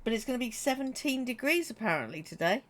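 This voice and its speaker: This British woman talks fast in a fairly high, sing-song voice with a fairly bright tone while streaming a game. Between jokes and sniffles from a runny nose, she casually reads out and answers her viewers' chat messages.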